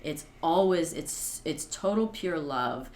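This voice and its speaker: A woman's voice: low-pitched, animated, slow pace, a little mellow, reverberant. A woman in her thirties, a podcast guest, talking earnestly and reflectively with many "like"s. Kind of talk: reflective conversation.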